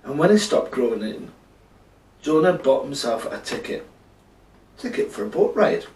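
A man's voice: medium pitch, very animated, a little slow, darkish tone, roomy sound, far from the mic, poor audio. Chatty man telling a bedtime story. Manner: chatty, playful, talks to listener.

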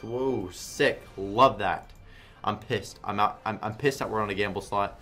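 A man commenting casually on a slot game stream, swearing a lot and swinging between flat muttering and loud outbursts. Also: lowish voice, measured pace.

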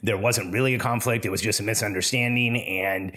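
Husky man telling a story with advice. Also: fairly low pitch, steady tone, brisk, bright, forceful tone. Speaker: podcast host. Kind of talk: solo podcast monologue.

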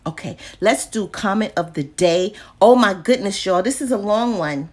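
A woman's voice: mid-range voice, animated, moderate pace. A woman vlogging a casual check-in on store deals, chatty and playful, talking to herself between laughs. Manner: playful, talks to herself, drops into whispers and laughs. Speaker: vlogger reviewing shopping deals.

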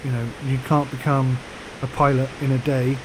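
A man chatting casually on a flight sim vlog, rambling with fillers and pausing through the hiccups. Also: medium pitch, flat delivery, noisy background. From United Kingdom.

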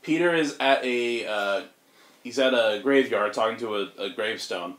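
A man's voice: medium pitch, moderate pace, a bit bright. Guy on a podcast retelling comic plot, lots of likes, echoey room. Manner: retells the plot with put-on dialogue, filler-heavy. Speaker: podcast co-host. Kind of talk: casual comic-book recap chat.

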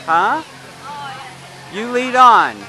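A man's voice: very high voice, expressive, extremely slow, low-quality recording. A man filming a child at an outdoor water park on a handheld camera, chatting and teasing playfully. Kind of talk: casual home video narration. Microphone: handheld camera mic.

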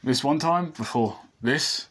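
A laid-back blind teenage boy, as a man reading a fan story puts him on, rambling and correcting himself in a relaxed, husky voice. It sounds like the reader's own everyday speech. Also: medium pitch, measured pace. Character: blind teenage boy, easygoing, fond of his friend.

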